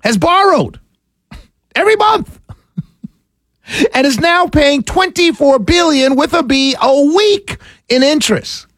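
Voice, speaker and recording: A man's voice: very high voice, lively intonation, slow pace, long pauses, fairly bright tone, no room sound. A man hosting a talk radio show, ranting passionately and raising his voice into a close studio mic. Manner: passionate, ranting, raises voice when angry.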